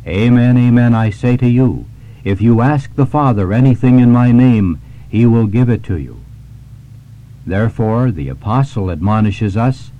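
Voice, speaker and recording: Man, preacher, solemn devotional reading, measured delivery, warm dark tone. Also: fairly low pitch, muffled recording.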